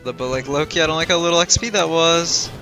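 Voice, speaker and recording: A man's voice: on the high side, fast talker, sharp tone. Tired young man rambling over game music. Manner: rambling, thinking aloud with many fillers. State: tired and yawning. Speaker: streamer. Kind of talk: casual gameplay livestream chat.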